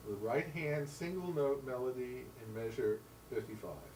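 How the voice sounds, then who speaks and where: A man's voice: mid-range voice, lively intonation, moderate pace. A man teaching a piano lesson, counting beats aloud and singing rhythms in syllables. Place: room with a piano. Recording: roomy sound, mic at a distance, loud piano. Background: piano playing.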